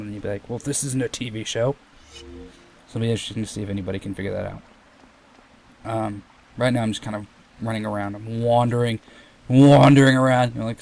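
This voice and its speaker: A young man with a lowish voice talks loosely over his gameplay and keeps circling back to restart his sentences. A faint hiss of background noise sits under the recording. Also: a little mellow. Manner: rambling, many fillers and restarts. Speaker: Let's Play commentator. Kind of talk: casual gameplay commentary.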